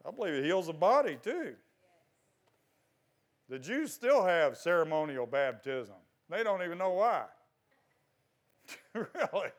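Male preacher, fairly high voice, dramatic sermon delivery that jumps between loud calls and quiet asides. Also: very animated, slow pace, pauses often. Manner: asks the congregation questions.

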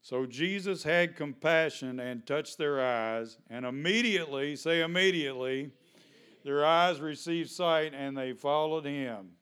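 A man's voice: a little high, measured pace, fairly bright tone, smooth. A male pastor, preaching a sermon in a conversational way, full of questions to the congregation.

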